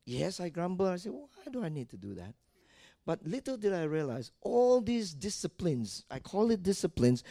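High-voiced preacher, rising to shouts. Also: male voice, vocal fry, dry recording, studio quality. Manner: builds from quiet talk to loud, shouted exhortation with repeated phrases; tells personal stories and addresses the congregation directly. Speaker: pastor. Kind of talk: sermon.

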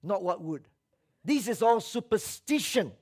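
Expressive and a little slow, this preacher's sermon comes in a high, raised voice. He urges the congregation to respond, acts out quoted voices in mocking tones, and shifts from loud exhortation to quiet, low asides.

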